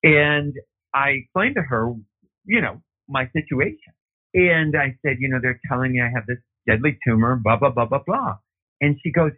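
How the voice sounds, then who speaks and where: A man, a guest who is an opera singer, telling his own story in an excited way and acting out the dialogue. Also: moderate pace. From United States. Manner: excitable, acts out quoted dialogue with big pitch jumps. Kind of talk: animated personal storytelling. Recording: narrow phone-like line.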